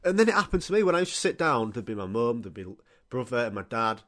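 A man's voice: mid-range voice, fast talker. Rowdy man telling comic stories. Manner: animated and crude, swears freely, acts out scenes. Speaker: podcast host. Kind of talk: comic storytelling monologue.

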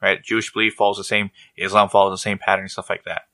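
Low-voiced rambling podcast man. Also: flat delivery, fast talker, sharp tone, no room sound. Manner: rambling, restarts, jokey. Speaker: podcast co-host. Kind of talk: casual chat.

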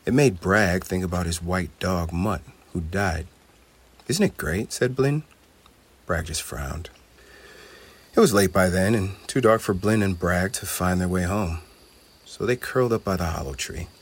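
A man reading a children's storybook aloud in an expressive, steady way. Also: sits low, measured pace.

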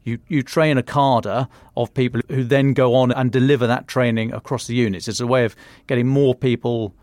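Medium in pitch with a darkish tone, this British-accented man is a defence editor discussing military matters in a podcast chat. He frequently restarts phrases and leans on key points, and the recording has no echo.

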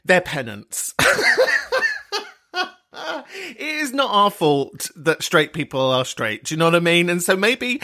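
A man's voice: high-pitched, sing-song, slow pace, a bit bright. A British man hosting a comic call-in podcast, camp and teasing, who swears freely and laughs often. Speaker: podcast host.

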